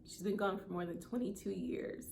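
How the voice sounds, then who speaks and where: A woman in her thirties shares a personal story to camera, earnest and emotional. Her voice sits at a middling pitch with a steady gravelly fry running through it. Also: normal speed, noisy background. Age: 30s. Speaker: content creator.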